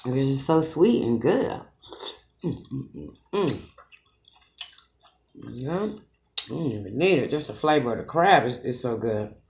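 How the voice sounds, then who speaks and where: A woman's voice: a bass voice, animated, a little slow, vocal fry, pauses often, slight background noise. A woman vlogging while she eats, chatting to her viewers as y'all and humming with pleasure between bites. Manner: chatty, addresses viewers as y'all, savoring hums while eating. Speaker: mukbang vlogger. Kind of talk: casual eating vlog talk to viewers.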